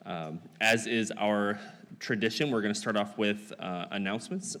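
Low-voiced man leading church, hall reverb. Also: moderate pace. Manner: relaxed, lightly joking, with frequent fillers. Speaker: church service leader. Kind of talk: church announcements and prayer. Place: church sanctuary.

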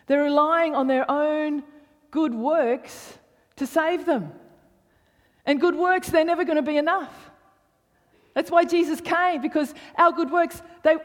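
Woman preacher, kinda high voice, stresses stuff by repeating it, long echoey hall sound. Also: slow pace. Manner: emphatic, repeats phrases for stress, drops to near whisper. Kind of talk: sermon.

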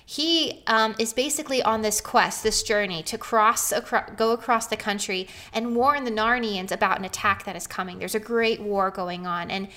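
Her voice mid-range, her speed normal and her pauses few, a woman in her thirties tells a personal story on a podcast. She comes across as earnest and lively, often laughing.

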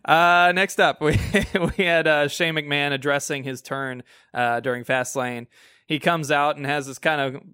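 Male co-host, smooth clear voice, dry close sound, chatty and laughing. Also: fairly high pitch, fairly even intonation, normal speed, pushed and bright, dry recording. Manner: chatty, laughs often, restarts sentences. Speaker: podcast co-host. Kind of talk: casual chat.

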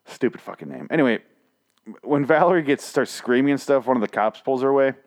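A man with a medium-pitched voice talks at a quick pace, casually recapping and reviewing a TV episode. He swears, leans on sarcasm, and rambles with lots of restarts.

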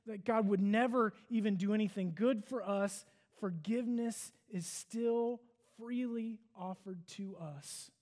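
A man's voice: high-pitched, a little mellow. A man giving a sermon, retelling a story in an earnest, conversational way with casual fillers. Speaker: preacher.

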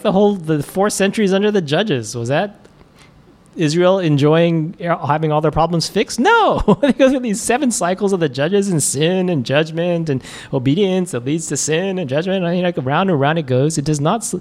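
A man preaching in a relaxed, conversational way, with a fairly high-pitched voice. He chuckles often and fills his pauses with "uh" and "um". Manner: casual, chuckling, many fillers. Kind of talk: conversational sermon.

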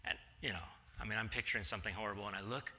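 A man in his forties, a pastor, giving a relaxed, conversational sermon in a church and acting out bits of dialogue as he tells stories. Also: on the low side, very fast. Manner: chatty storytelling, acting out dialogue. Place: church sanctuary.

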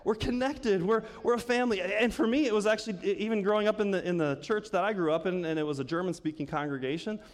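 Pastor, male, high voice, easygoing sermon delivery with questions to the congregation, church hall with long reverb. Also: fast talker, few pauses. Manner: conversational, asks the congregation questions, laughs often. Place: church sanctuary.

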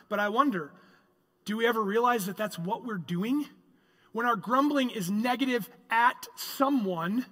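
A pastor delivering a sermon, moving between loud, emphatic stretches and quiet, reflective ones. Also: male voice, high voice, in a large hall. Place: church sanctuary.

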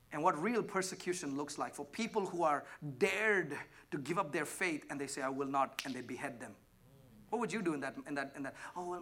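A man preaching a sermon, emphatic, swinging between loud declarations and hushed asides while questioning the congregation. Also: a little high. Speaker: pastor.

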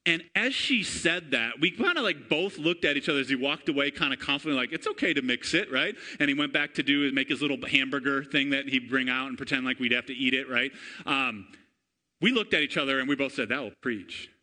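A man in his thirties preaching a sermon to a congregation, energetic and chatty, often calling out for amens and asking the room questions. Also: medium pitch, fairly quick. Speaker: pastor. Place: church before a congregation.

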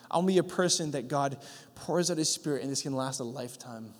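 A young man giving a sermon in a relaxed, storytelling way, full of fillers and acted-out lines. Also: mid-range voice, fairly quick. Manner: casual storytelling with fillers, acting out God's voice. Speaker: pastor. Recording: long hall reverb.

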